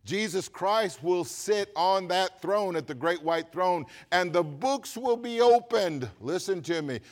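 A pastor preaching a sermon, swinging from quiet asides to loud, emphatic lines. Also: male voice, high-pitched, expressive, unhurried.

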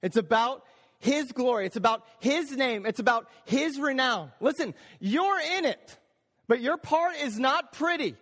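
A man preaching a sermon as pastor, animated, repeating phrases for emphasis and acting out little voices. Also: extremely high pitch, measured pace. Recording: long hall reverb.

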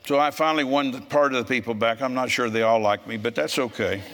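A man preaching a sermon in a church, telling folksy stories in a frisky, forceful way. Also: mid-range voice, quick pace, long reverb tail.

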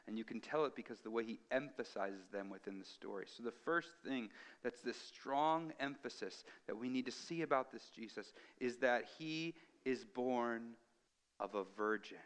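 A man delivers a sermon with a bright, smooth, ringing voice. He drops to near whispers and then builds to emphatic peaks. His words trail off into the long reverb of a large hall. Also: medium pitch. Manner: dramatic swings from hushed to emphatic. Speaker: pastor.

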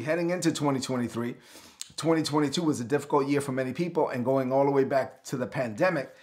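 A male pastor preaching an online sermon, calling on listeners to respond and act out the story. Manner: preaching, calls for responses, builds in pitch and intensity.

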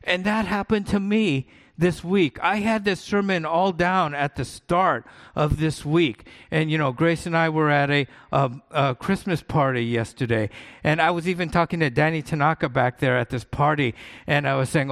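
A man's voice: on the high side, fairly even intonation, normal speed, a bit bright. A middle-aged man, a pastor, preaching a sermon in an earnest, conversational way, repeating his key points for emphasis.

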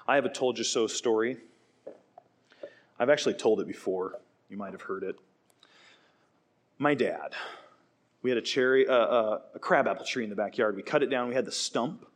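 A man preaching a sermon, telling stories in an animated way and acting out quoted lines. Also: medium pitch, brisk, pauses often. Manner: animated storytelling with acted quotes. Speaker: pastor.

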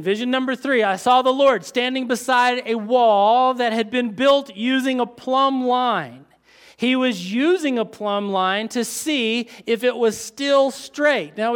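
Guy preaching, pretty high voice, chatty and lively, tosses in little jokes. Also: clear, resonant tone. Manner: animated, conversational with asides and laughs. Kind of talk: sermon.

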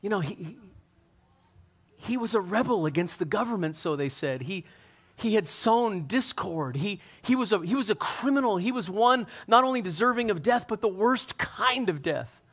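A man preaching a sermon as pastor, telling the story in an animated, conversational way and acting out the scenes. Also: high voice, moderate pace.

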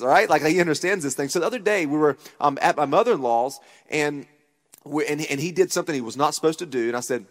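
Emphatic pastor preaching in a hall. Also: male voice, on the high side, lively intonation, quick pace. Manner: emphatic, repeats key points, asks the crowd "right?". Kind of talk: sermon. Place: church auditorium stage. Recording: long hall reverb.

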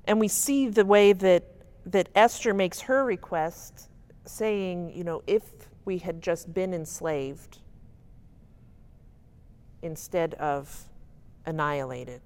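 A woman with a fairly low voice leads a Bible study. She talks in an easy, conversational way and leans on points for emphasis. She keeps checking in with her listeners as she goes. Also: slow, a little mellow. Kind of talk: casual teaching talk.

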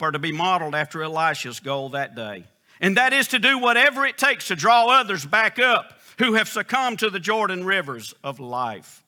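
A man's voice: high voice, pushed and bright. A man preaching a sermon in an emphatic, folksy storytelling style. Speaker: pastor.

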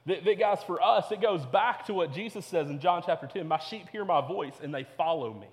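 A man's voice: fairly high pitch, expressive, a little fast, long reverb tail. A young man preaching a sermon to teenagers as a youth pastor, earnest and repetitive. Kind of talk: sermon to teens.

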